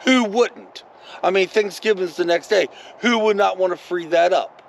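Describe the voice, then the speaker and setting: A man's voice: high-pitched, normal speed, vocal fry, a little hiss or hum, low-quality recording. A man vlogging casually, telling a rambling story with many asides to his viewers.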